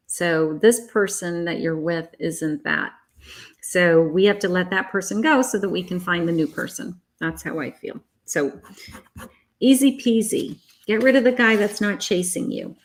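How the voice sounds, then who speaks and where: Her voice sits on the low side and moves a little slowly as this middle-aged psychic reads tarot cards for a live stream audience. She reassures viewers warmly, addressing them as honey and sweetheart while chatting.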